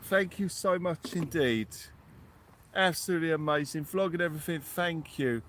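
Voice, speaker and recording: Excitable man hosting a night fishing stream. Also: a little high, normal speed, heavy background noise. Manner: excitable, thanks supporters at length. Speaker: fishing livestream host. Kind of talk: live commentary and thanking viewers. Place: outdoors on the shore at night.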